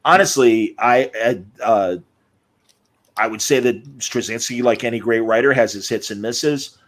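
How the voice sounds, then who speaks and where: A man's voice: mid-range voice, measured pace. Rambling, enthusiastic man telling stories. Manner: rambling, enthusiastic storyteller who acts out quotes. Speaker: podcast host. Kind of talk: casual chat.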